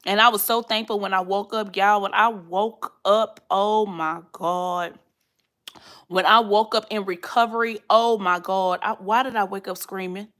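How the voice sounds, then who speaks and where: A young adult woman vlogging to her viewers, chatty and animated, acting out the people in her story as she tells it. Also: mid-range voice, unhurried.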